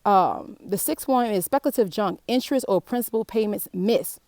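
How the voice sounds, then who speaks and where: Her mid-range, darkish voice runs at a moderate pace with hardly any pauses, recorded with no room sound. This South Side Chicago woman, a personal finance vlogger with a Chicago accent, reads and comments outdoors in the heat in slangy, casual fashion, often exclaiming in disbelief.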